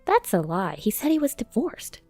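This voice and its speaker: Seorang perempuan memerankan seorang kekasih muda yang marah dan melengking, dengan nada tinggi yang naik-turun lincah di tengah musik latar yang samar. Suaranya kering dan dekat, khas narasi cerita yang dibacakan. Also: female voice, on the high side, sing-song, normal speed, a little mellow, no echo, faint music behind, pitched above the performer's own voice. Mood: indignant. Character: indignant young woman, deceived live-in girlfriend.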